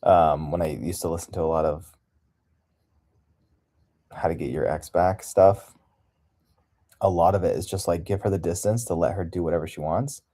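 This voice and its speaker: Man, livestream host; low, husky, dark voice; candid, rambling chat. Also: normal speed, long pauses. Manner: candid, rambling, laughs often.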